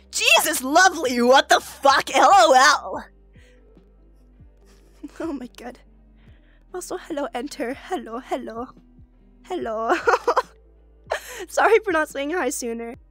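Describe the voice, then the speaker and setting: A woman's voice: high voice, animated, a little slow, pauses often, a bit bright, dry recording, soft background music. A young woman streaming and chatting casually with viewers, giggly and prone to exclamations. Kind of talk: casual livestream chat.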